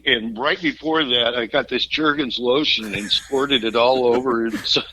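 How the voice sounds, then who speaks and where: A man's voice: medium pitch, normal speed, sharp tone, slight background noise, low-quality recording. A rock singer in his fifties, a podcast guest, telling wild road stories in casual chat, laughing through them, swearing freely and cracking jokes. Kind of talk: raucous storytelling in casual chat.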